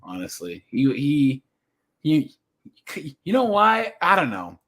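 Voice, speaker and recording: A man hosting a casual livestream chat, animated, laughing often and greeting viewers by name. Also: fairly high pitch, slow. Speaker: livestream host.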